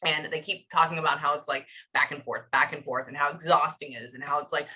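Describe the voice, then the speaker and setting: A woman's voice: low-pitched, fast talker, few pauses, bright, forceful tone, husky, poor audio. A woman giving a medium reading to clients, talking in a rambling, emotional way with lots of fillers. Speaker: psychic medium.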